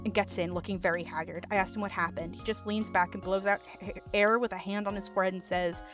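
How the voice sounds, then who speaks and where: A woman streamer reading online stories aloud, with animated commentary and laughing asides. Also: mid-range voice, quick pace, over music.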